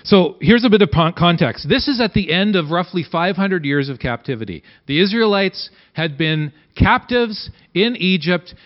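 Male bible teacher reading and explaining verses, unhurried, a bit high-pitched, muffled recording. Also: expressive. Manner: unhurried, has listeners repeat lines. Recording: dull lo-fi recording.

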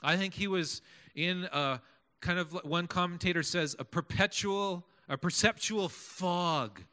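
A man preaching a sermon, animated and asking his congregation questions as he goes. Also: high voice, measured pace. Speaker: pastor.

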